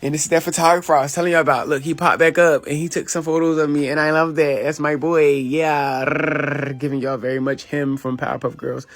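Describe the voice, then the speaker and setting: A man's voice: a little high, little pitch movement, brisk, gravelly, a bit bright. A man in a casual travel vlog voice-over, flamboyant and sassy, hyping himself up. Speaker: fashion designer vlogger.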